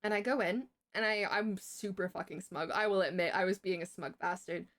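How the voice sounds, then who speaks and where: A woman's voice: lowish voice, brisk, fairly bright tone. A young woman on a livestream, telling a story in casual chat, chatty and swearing freely. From Britain.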